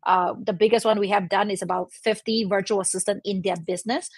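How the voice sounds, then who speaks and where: A woman's voice: medium pitch, steady tone, fast talker, slightly rough, no room sound. Woman guest, chatty, fillers, dry close mic. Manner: chatty, many "you know" and "right?", laughs often. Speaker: guest, delegation expert. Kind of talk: conversational interview.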